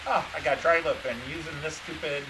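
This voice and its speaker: A man's voice: a little high, steady tone, a little fast, bright, forceful tone, slight background noise, rough recording. A man chatting casually on a live stream about his model trains, rambling and dejected, blaming himself. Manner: rambling and meandering, dejected and self-critical.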